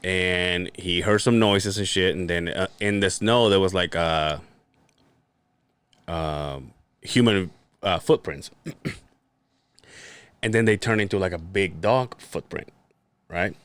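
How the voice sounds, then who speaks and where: A man's voice: low voice, takes it slowly, pauses often, clear, resonant tone, no room sound. A man co-hosting a podcast in casual chat, telling stories with lots of laughter and swearing. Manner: animated storyteller, swears often, laughs a lot. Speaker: podcast co-host.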